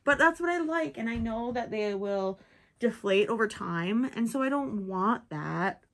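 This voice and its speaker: A woman's voice: medium pitch, fairly bright tone. A young woman from Minnesota with a Minnesotan accent, chatting in a rambling, giggly way while she crochets for her vlog. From Minnesota, USA. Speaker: crochet vlogger. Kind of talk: casual chat while crocheting.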